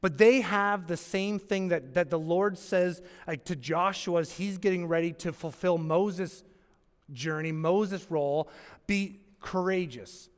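A man preaching a sermon as pastor, with emphatic pauses and acted-out quotes. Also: high voice, clean tone. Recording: long hall reverb.

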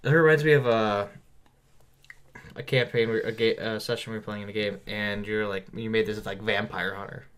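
A man's voice: lowish voice, steady tone, normal speed, a bit bright, clean tone. A young man chatting casually and telling a rambling story about a tabletop game he ran, with many fillers. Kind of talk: casual chat.

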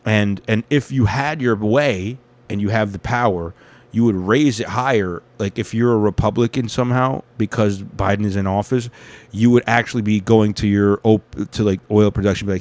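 A man's voice: lowish voice, normal speed, darkish tone. A man hosting a podcast, rambling in casual, profane commentary and getting easily sidetracked. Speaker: podcast host.

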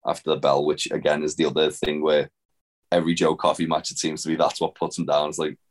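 Rumbling low and monotone, this podcast co-host talks fast while reviewing wrestling in a loose, casual way. Swearing comes freely, along with many fillers.

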